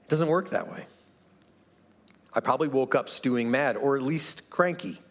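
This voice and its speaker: A man's voice: mid-range voice, expressive, moderate pace. A pastor giving an earnest, conversational sermon to his church, asking the room rhetorical questions. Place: church sanctuary.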